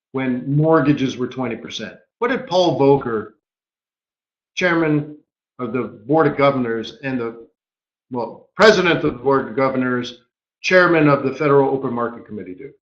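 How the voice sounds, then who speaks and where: A man hosting a live trading webinar as market strategist, talking in an animated way and tossing in rhetorical questions. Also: medium pitch, echoey room, dull audio. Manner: animated, rhetorical, keeps asking "right?".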